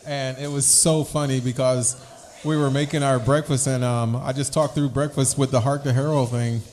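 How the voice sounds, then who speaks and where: A man's voice: mid-range voice, flat delivery, normal speed, darkish tone. A man co-hosting a casual podcast, rambling through his points and slipping into rhyming wordplay. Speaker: podcast co-host. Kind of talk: casual chat.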